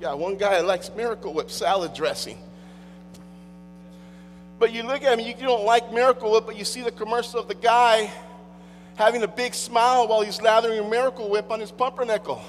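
A man with a high voice preaches a sermon, emphatic and wry, in a conversational style. His words ring out with a long reverb, as if in a large hall, and a faint electrical hum sits underneath. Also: fairly quick.

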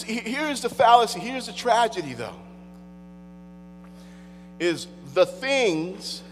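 A man with a high voice preaches a sermon, emphatic and wry, in a conversational style. His words ring out with a long reverb, as if in a large hall, and a faint electrical hum sits underneath. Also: a bit bright.

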